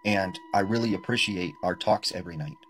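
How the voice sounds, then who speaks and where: A man's voice: sits low, brisk, noisy background, lightly acted. A man voicing a lonely, puzzled older man who owns a big house.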